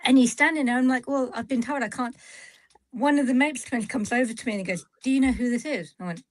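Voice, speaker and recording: A British woman guesting on a livestream, telling a story in an animated way and acting out the dialogue. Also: fairly high pitch, fast, no echo, poor audio. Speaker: stream guest. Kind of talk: casual chat.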